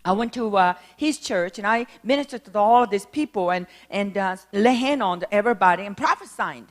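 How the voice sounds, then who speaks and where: A woman minister with a Korean accent, telling a story in a sermon, halting with many fillers but animated. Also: medium pitch. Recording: long reverb hall.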